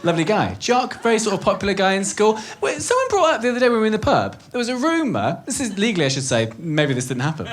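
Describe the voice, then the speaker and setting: A man's voice: sits high, big pitch swings, fast talker, hardly any pauses. A man in his thirties with a Welsh accent doing a stand-up set, chatty and swearing, working the crowd from a club stage. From Wales. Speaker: stand-up comedian. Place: comedy club stage with live audience. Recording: live club recording with audience noise.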